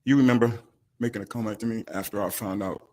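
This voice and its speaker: A man, crying as he gives an emotional, halting victim statement at a courtroom podium microphone. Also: lowish voice, fairly even intonation, warm tone. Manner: emotional, halting, breaks off mid-sentence.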